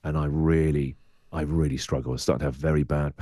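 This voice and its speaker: A man's voice: rumbling low, level tone, a little fast, warm tone, dry recording, clean studio sound. A middle-aged English radio presenter speaking candidly as a podcast guest, acting out his inner voice in quoted asides.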